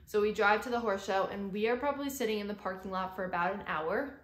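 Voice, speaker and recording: A woman's voice: medium pitch, fast, a bit bright. A young adult woman vlogger telling a story in casual chat, with lots of "like" fillers. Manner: chatty, heavy use of "like" fillers. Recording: roomy echo.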